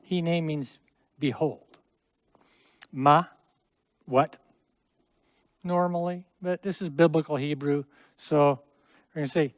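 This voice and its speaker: A man's voice: a little high, fairly even intonation, unhurried, pauses often, no room sound. A middle-aged man teaching a Hebrew class in a classroom, explaining at length with friendly asides and small jokes. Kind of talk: classroom lesson.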